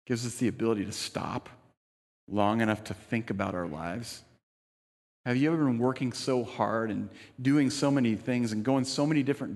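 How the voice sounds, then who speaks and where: A middle-aged man preaching and telling a personal story in a relaxed, conversational way. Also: mid-range voice, big-room sound. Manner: conversational storytelling, animated quoted voices. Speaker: pastor.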